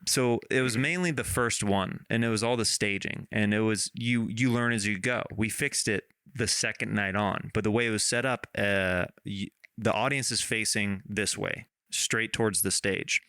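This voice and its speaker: A man hosting a podcast talks in an easy, rambling way, circling back and restarting his thoughts as he goes. His voice is bright and forceful, with a smooth, clean clarity. It is recorded dry and close, with almost no room sound. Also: lowish voice, steady tone, normal speed, hardly any pauses, no echo. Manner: rambling, many restarts, laughs often. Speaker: podcast host. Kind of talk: casual interview chat.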